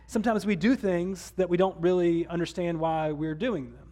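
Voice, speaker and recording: A man's voice: sits high, steady tone, normal speed, warm tone. A man pastor preaching a conversational sermon, with some restarts along the way.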